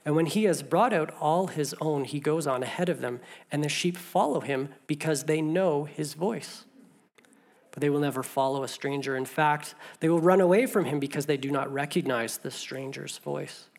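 A preacher working through a passage in a sermon. Readings give way to a slow, emphatic repeated refrain. Between them come conversational asides full of small restarts and fillers. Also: mid-range voice, a little mellow. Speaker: pastor.

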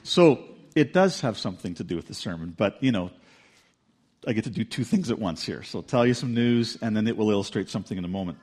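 A man preaching a sermon in a relaxed, conversational way, telling a story and acting out the quotes with energy. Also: lowish voice, fast, husky. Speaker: pastor.

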